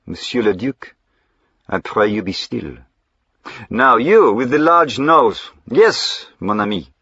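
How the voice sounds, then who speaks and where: A man voicing a suave gentleman highwayman with a French accent, polite, ironic and commanding, in an audiobook reading. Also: lively intonation, slow pace, slightly rough, dry recording, highs cut off, exaggerated voice.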